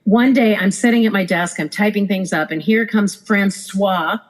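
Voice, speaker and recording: On a podcast, a former cruise director shares casual stories, animatedly impersonating the people she quotes. Her mid-range voice moves at normal speed, and the audio is poor.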